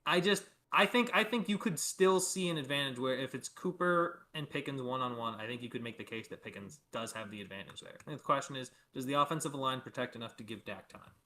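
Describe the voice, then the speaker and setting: A young man co-hosting a sports podcast, talking football in casual chat with lots of fillers and quick pushback. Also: medium pitch, a little hiss or hum. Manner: animated, argumentative, many fillers.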